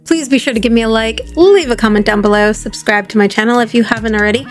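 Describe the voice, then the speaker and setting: A woman's voice: a little high, quick pace, hardly any pauses, soft background music. A woman hosting gameplay commentary, chatty and theatrical with a self-mocking streak. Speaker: gaming channel host.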